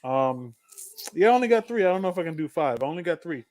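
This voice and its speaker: A man co-hosting a casual podcast chat, joking around and laughing loudly. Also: on the high side, sing-song, quick pace. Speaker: podcast co-host.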